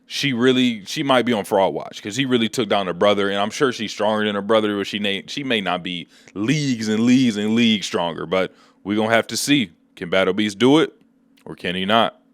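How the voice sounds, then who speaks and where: A man's voice: on the low side, brisk, dry recording. A man hosting a casual comic book recap, telling the story in slangy, laid-back speech on a close mic.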